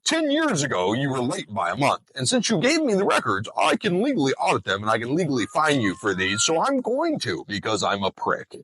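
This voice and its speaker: A man putting on the voice of a petty, spiteful auditor, speaking slowly and smugly. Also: mid-range voice, huge pitch swings, fairly bright tone, slightly rough, no echo, full character voice, poor audio.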